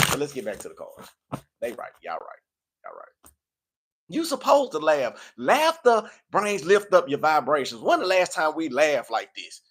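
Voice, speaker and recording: High, bright-voiced Tennessee man. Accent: Tennessee Southern. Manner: animated, playful preachy scolding of chat. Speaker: tarot reader. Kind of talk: live tarot reading chat.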